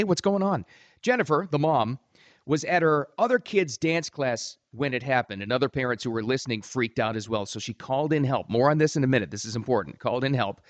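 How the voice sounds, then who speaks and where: A man hosting a podcast, talking casually and emphatically, often dropping low for weight. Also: no echo, highs cut off. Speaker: podcast host.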